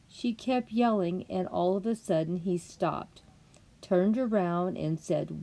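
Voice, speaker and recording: An older woman, a grandmother, narrating a storybook tale in a gentle read-aloud manner. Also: lowish voice, slow pace.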